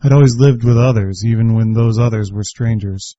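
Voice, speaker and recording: Man, first-person story narration, mellow warm tone, wry and reflective, dry dull lo-fi sound. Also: fairly low pitch, brisk, dry recording.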